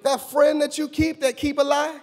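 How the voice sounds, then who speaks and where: A man pastor preaching a sermon in a church, animated and conversational, questioning his congregation. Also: extremely high pitch, moderate pace. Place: church sanctuary. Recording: long church hall reverb.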